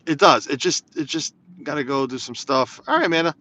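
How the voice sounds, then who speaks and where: A man with a fairly high, sharp, expressive voice talks fairly quickly while driving in snow, casually chatting to his live-stream viewers, rambling and reading comments out loud. It's slightly dull lo-fi phone audio from inside the car.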